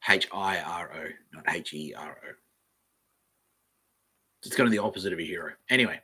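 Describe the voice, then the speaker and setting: Husky, forceful man musing aloud. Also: sits low, normal speed. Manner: rambling, thinks aloud, swears. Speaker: podcast host. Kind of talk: casual solo podcast reading aloud from the web.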